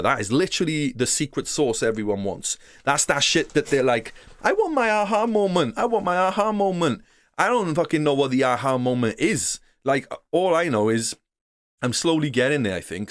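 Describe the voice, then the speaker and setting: A man's voice: mid-range voice, no echo, studio quality. Swearing slangy man teaching trading. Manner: profane, slangy, acts out traders' voices. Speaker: trading course instructor. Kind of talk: casual unscripted teaching.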